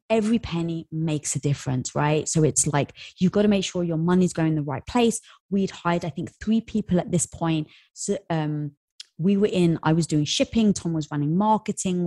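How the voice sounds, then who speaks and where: A woman in her thirties, a company co-founder and guest, telling an animated story about her business with breathy, quick bursts. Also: fairly low pitch, dry recording, studio quality. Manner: animated, rushes through exciting parts. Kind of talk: storytelling interview answer.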